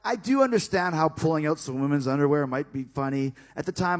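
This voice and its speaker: A man casually telling a backstage story, animated and profane, acting out the other people's lines. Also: on the high side, quick pace. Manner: animated and profane, acts out dialogue.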